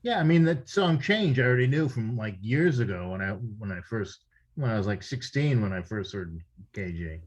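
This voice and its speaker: A man's voice: lowish voice, expressive, normal speed, slightly rough. A man, a drummer, telling anecdotes in a casual interview, rambling with frequent restarts and fillers.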